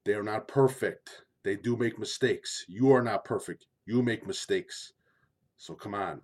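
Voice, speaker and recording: A man who is a former high school line coach, talking bluntly and repetitively, pleading and swearing casually in an opinion monologue. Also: unhurried, darkish tone.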